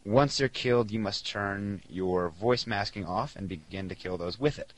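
A young man with a slightly low voice chatting on a casual podcast. He rambles, giggles a lot and reads listener messages aloud through a headset. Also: normal speed, poor audio. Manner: giggly, rambling, laughs often. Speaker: podcast co-host. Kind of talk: casual podcast chat, reading listener mail.

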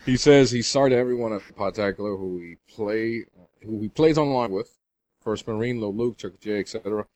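A man co-hosting a gaming podcast, reading listener letters aloud in a casual, halting way with chuckles. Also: lowish voice, a little mellow, dry recording. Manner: reads haltingly with restarts and chuckles.

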